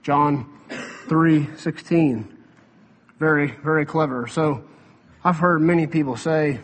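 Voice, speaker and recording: A young adult man, a pastor, preaching a sermon in a conversational way with quick asides and some fillers. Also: a little high.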